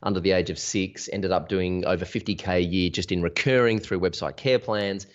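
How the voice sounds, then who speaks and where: A man with a very low voice explains his business to an interviewer, energetic and full of examples, often restarting a thought. The sound is dull and lo-fi. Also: fairly quick. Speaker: interview guest, business founder. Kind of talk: casual conversational interview. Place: Sydney.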